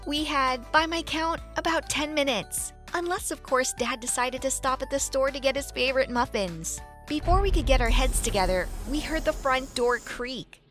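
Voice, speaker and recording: A woman narrating a first-person story in a lively, animated way. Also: high voice, normal speed, few pauses, faint music behind.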